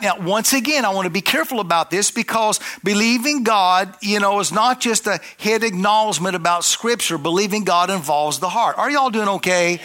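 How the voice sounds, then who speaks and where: A man's voice: sits high, fairly quick, pushed and bright. A middle-aged man preaching a sermon in a rambling, conversational way, telling a healing story with restarts and asides to the congregation.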